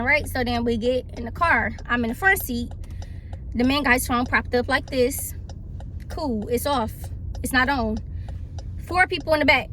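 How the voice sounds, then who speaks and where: A young woman, telling a storytime in a casual, animated and exclamatory way, acting out the people she quotes. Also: high-pitched, a little hiss or hum. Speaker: vlogger.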